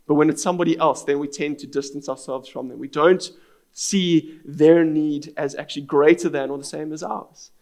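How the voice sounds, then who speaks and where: A pastor delivers his sermon with an earnest, storytelling drive. His voice sits a little high for a man and carries a gravelly, fry-edged texture. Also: steady tone, normal speed, a little mellow.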